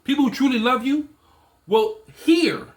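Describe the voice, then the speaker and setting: At a normal speed and in a very high voice, a men's and fatherhood coach in his forties gives a casual motivational talk to other men. He's emphatic, repeats his points, and leans on slang.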